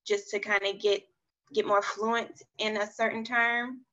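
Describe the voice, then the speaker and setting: A woman's voice: medium pitch, flat delivery, unhurried, sharp tone, dull audio. A woman leading an online group language lesson over a video call, encouraging the group and spelling words out letter by letter. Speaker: study group facilitator.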